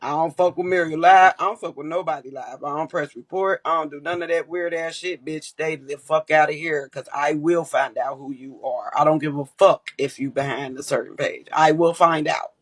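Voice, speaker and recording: A man's voice: on the high side, steady tone, normal speed, few pauses. A man speaking bluntly and emphatically, with profanity, as a live stream co-host. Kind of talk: casual commentary.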